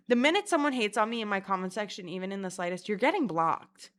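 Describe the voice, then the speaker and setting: Young woman, casual vlogger, swears freely, animated storyteller, talking to her phone camera at home. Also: medium pitch, quick pace, few pauses. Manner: profane, animated storytelling with acted-out quotes. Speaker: content creator. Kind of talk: casual vlog chat.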